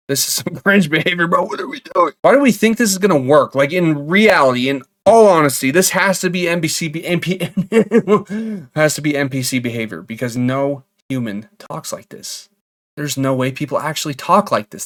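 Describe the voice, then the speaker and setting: A man's voice: a little high, brisk, a bit bright. A man doing comedic reaction commentary on creepy messages, sarcastic, laughing often and swearing.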